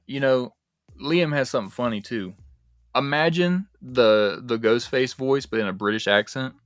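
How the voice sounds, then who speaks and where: A young man hosting a casual movie-discussion livestream, talking in an animated, rambling way with plenty of swearing and fillers. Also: medium pitch, moderate pace, no room sound, clean studio sound. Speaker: livestream host.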